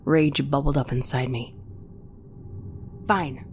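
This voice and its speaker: A woman reading a first-person horror story in a steady, measured way. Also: low voice, slight background noise. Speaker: story narrator.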